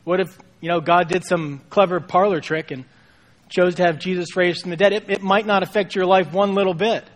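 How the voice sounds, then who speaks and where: Male pastor, high voice, conversational sermon delivery, casual storyteller with a light comic touch. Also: steady tone, brisk.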